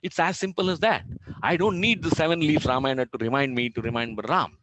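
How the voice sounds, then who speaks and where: A male teacher voicing a gentle, humble male monkey devotee in a retold scripture story, speaking calmly and plainly. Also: fairly high pitch, a little fast, no room sound, pitched above the performer's own voice, natural voice. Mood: earnest.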